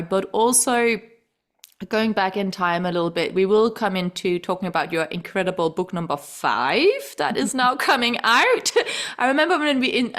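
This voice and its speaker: A woman hosting a podcast, effusive and rambling, full of fillers and warm praise. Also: mid-range voice. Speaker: podcast host. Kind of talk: emotional casual chat.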